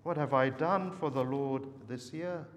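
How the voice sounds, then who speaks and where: A man preaching a sermon, earnestly asking searching questions and often pausing with hesitations. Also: medium pitch, lo-fi sound. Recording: long reverb with faint background noise.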